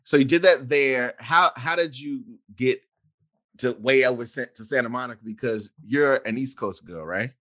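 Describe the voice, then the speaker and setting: A man's voice: mid-range voice, normal speed, sharp tone. A man hosting a casual interview, asking questions with frequent restarts. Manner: stumbling restarts, friendly questioning. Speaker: host.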